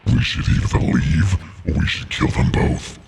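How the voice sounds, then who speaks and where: A man voicing a cold, ruthless creature that speaks slowly in a deep rasp. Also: lightly acted. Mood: menacing. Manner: slow, flat, threatening.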